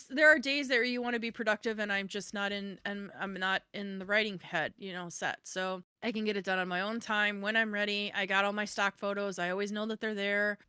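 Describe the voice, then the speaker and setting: A woman hosting a podcast in casual chat, telling stories with lively acted-out quotes. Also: medium pitch, clean tone, no room sound, studio quality. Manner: animated storyteller, acts out quotes. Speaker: podcast host.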